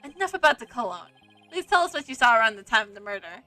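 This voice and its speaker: An earnest young male defense lawyer in a game, pressing witnesses with plain, direct questions, as a woman reads him. The tone is high and bright. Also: sing-song, fast talker, dry recording, faint music behind. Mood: firm.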